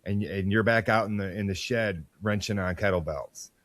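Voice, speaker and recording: A man's voice: on the low side, moderate pace, a bit bright, no room sound. A man hosting a podcast, asking questions in a casual, encouraging and affirming way. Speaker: podcast host.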